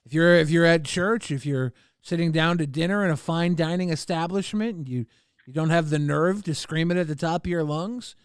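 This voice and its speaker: A man co-hosting a podcast, brashly plugging merch and mock-shouting crude catchphrases. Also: on the high side, moderate pace, clean tone, no echo, studio quality. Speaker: podcast co-host. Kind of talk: loud merch plug, casual banter.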